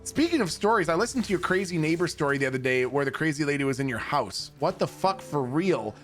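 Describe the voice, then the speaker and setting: A man's voice: a little high, fast, soft background music. A man streaming from home and casually telling wild stories to his chat, swearing and laughing often. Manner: animated, profane, laughing between lines.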